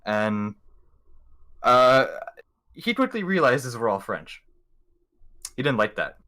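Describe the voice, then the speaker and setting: Bright-voiced young man telling stories. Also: mid-range voice, very animated, takes it slowly. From Montreal, Canada. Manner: rambling, profane, jokey. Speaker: podcast host. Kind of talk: casual storytelling chat.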